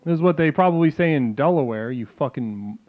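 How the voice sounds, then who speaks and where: A man hosts a comedy call-in stream in a fairly high voice, rambling, cursing and stumbling through restarts. His voice comes through thin and phone-like, with music playing clearly underneath. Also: expressive, fairly quick. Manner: rambling, profane, full of restarts. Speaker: call-in show host. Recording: tinny phone-like sound with music behind.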